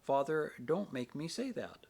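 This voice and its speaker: A man voicing an earnest, devout young woman pleading gently with her father in an audiobook. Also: fairly high pitch, big pitch swings, measured pace, creaky, breathy edge, pitched above the performer's own voice, heavily acted. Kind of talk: audiobook character reading.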